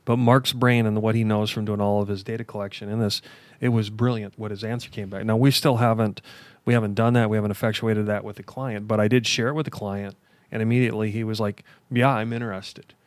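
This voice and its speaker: A man's voice: lowish voice, flat delivery, quick pace, no echo. A man hosting a podcast who works as a construction contractor, talking in an enthusiastic, rambling way. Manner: enthusiastic, rambling, with many restarts. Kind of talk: casual podcast chat.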